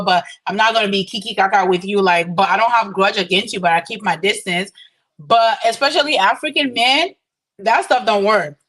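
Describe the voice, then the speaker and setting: Female panelist, middle pitch, plain-spoken and direct in casual discussion. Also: a bit bright, rough recording. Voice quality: blunt, matter-of-fact.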